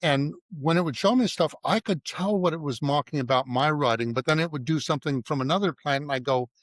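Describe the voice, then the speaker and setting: A middle-aged man, an ad writer and creative director appearing as a guest, swaps stories in a relaxed interview and acts out snippets of dialogue in quotes. His voice sits fairly high, moves fast, and has a fairly bright tone with no room sound.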